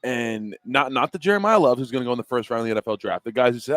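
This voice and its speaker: A man with an everyday mid-range voice talks college football on a sports radio show, recorded close and dry. He chats in a loose, halting way, restarting his sentences as he goes. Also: medium pitch, expressive, fairly bright tone, no echo. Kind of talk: casual sports talk.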